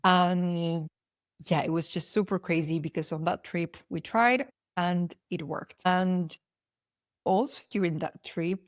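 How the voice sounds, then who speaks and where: A young adult woman hosts her own podcast, speaking in a fairly low voice. She talks earnestly and from the heart, often rambling and restarting her sentences. The recording is close and dry, with no room sound. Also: steady tone, slow pace, no echo. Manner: earnest and heartfelt, openly spiritual; loose and rambling with many restarts. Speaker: podcast host. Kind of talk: personal podcast monologue.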